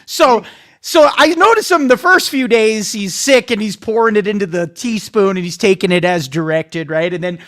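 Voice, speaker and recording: A man's voice: high-pitched, moderate pace, fairly bright tone. A man who is a comedian, telling funny family stories in a casual chat and acting out the quotes. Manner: comic storyteller, acts out quotes. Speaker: comedian guest.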